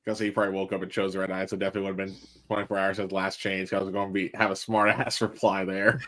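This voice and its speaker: A man's voice: deep voice, flat delivery, racing, pushed and bright. A man playing in a tabletop role-playing game, laid-back and joking. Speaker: player. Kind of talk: casual chat at a game table.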